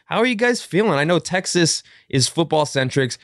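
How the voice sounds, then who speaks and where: A man's voice: a little high, normal speed, dry recording. Upbeat male podcast host, casual sports chat, bouncy delivery, dry studio sound. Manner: energetic, upbeat, sing-song intros.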